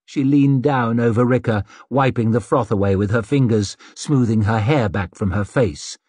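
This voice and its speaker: A man narrating an audiobook in a measured storytelling manner, voice slightly husky. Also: mid-range voice, darkish tone, no echo, clean studio sound. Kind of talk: scripted narration.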